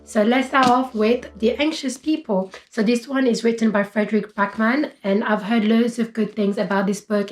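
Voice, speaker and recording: A woman's voice: medium pitch, a little mellow. A woman in her twenties, chatting casually about books as a vlogger, full of fillers like "basically" and "like". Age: 20s. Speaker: book vlogger. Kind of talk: casual chat.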